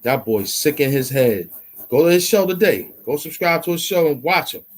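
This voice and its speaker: A man hosting an online commentary show, ranting in a loud, mocking, animated way and repeating himself for emphasis. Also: a little high, moderate pace. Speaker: YouTube commentary host.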